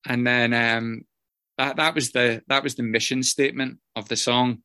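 A man's voice: mid-range voice, steady tone, normal speed, pushed and bright, clear, resonant tone, no echo. Man sharing his story, dry and close. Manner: rambling and self-mocking, swears freely, many fillers. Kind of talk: casual personal share.

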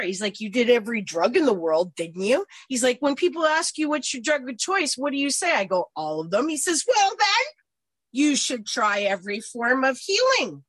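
A woman in her forties, blunt and profane, telling her own recovery story and swinging from hushed to loud. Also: on the high side, husky, no room sound. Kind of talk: personal recovery testimony.

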